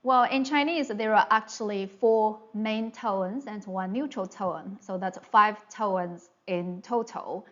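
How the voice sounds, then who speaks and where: A woman's voice: mid-range voice, takes it slowly, few pauses, highs cut off. A woman teaching a Mandarin pronunciation lesson, patient and repetitive, often checking in with "all right?" and drawing out sounds to demonstrate them. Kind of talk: slow online pronunciation lesson.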